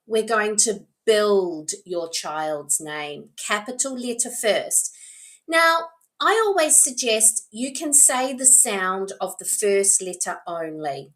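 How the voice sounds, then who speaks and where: A reading specialist with a New Zealand accent talks parents through a lesson at an unhurried pace. Her pitch rises and falls freely as she demonstrates each step. She stays patient and encouraging throughout. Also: animated, fairly bright tone. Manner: encouraging, slow and patient, demonstrating with letter tiles. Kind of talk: instructional talk to parents.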